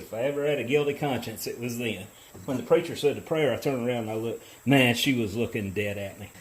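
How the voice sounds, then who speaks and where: A man's voice: mid-range voice, low-quality recording. A middle-aged man in a workshop, talking casually as he explains his work and drifts into storytelling. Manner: easygoing, chatty, explains as he works. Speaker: metal casting hobbyist host. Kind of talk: casual how-to narration with storytelling. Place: foundry workshop.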